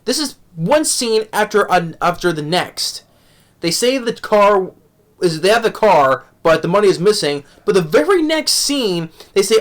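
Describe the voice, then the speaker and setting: A man's voice: sits high, big pitch swings, unhurried. A young man giving a rambling, exasperated movie review rant at home, tripping over his words and restarting often.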